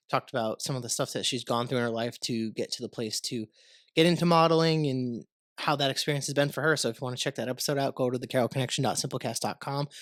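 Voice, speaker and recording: A congested American man, sick with a cold, hosts his podcast at medium pitch. His talk is rambling and relaxed, with casual swearing. It's recorded at studio quality with no echo.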